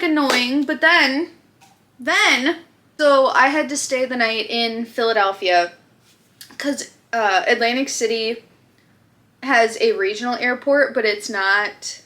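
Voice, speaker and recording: Woman, Minnesotan accent, crisp and slightly high; chatty storyteller, exasperated. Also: bright, forceful tone. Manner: chatty, filler-heavy storytelling, exasperated rant. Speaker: crochet vlogger. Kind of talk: casual chat.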